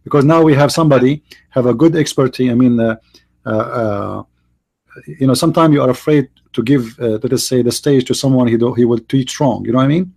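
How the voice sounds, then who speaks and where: Husky man hosting a live stream. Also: mid-range voice, warm tone. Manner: halting, many fillers and restarts. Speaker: host. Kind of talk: live-stream debate talk.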